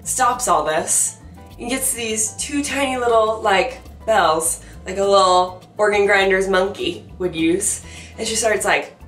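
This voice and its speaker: A young woman vlogger telling a funny personal story in a chatty, animated way, with many fillers, often laughing at herself. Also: medium pitch. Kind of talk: casual storytelling to camera. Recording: roomy sound from a distance with faint music.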